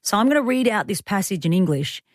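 A woman hosting a radio show in a studio, bubbly and quick to laugh, reading passages with playful drama. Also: medium pitch, expressive, no room sound. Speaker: radio host. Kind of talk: lively radio chat. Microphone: studio microphone.

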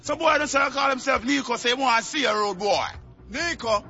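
High and bright, this brash young street tough , as a man puts him on, rambles boastfully in a mock Jamaican patois. The clip sounds muffled, with faint music behind. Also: brisk, heavily acted.

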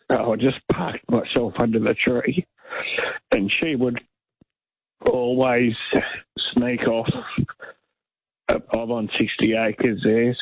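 A man calling a talkback radio show, emotional and halting as he tells his story. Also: mid-range voice, no room sound, lo-fi sound. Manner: emotional, halting, repeats himself. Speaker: caller.

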